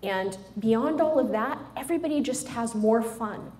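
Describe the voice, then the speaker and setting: A middle-aged woman giving a humorous motivational talk to a live audience, animated and joking as she speaks straight to the listeners. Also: fairly high pitch, normal speed. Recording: roomy hall sound with faint noise.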